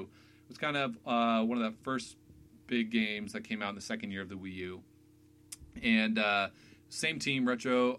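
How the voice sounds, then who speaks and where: A man hosting a casual podcast chat about video games, excitable and full of fillers. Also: on the low side. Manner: chatty, excitable, many fillers. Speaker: podcast host.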